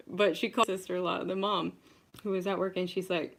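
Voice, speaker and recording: A woman's voice: on the low side, level tone, brisk, vocal fry. A woman hosting a casual live-stream chat at home alone, a rambling storyteller who keeps breaking into giggles.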